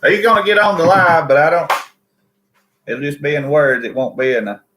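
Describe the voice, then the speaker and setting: Easygoing Southern male co-host, slightly high, hesitant delivery. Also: animated, moderate pace, noisy background. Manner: easygoing, hesitant, many fillers. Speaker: livestream co-host. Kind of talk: casual livestream chat.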